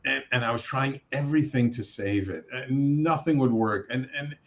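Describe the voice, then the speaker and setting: Animated man telling a story, slightly dull sound. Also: medium pitch, normal speed. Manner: animated, acts out quoted voices, frequent restarts. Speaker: guest, radio network producer and host. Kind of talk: storytelling in a casual interview.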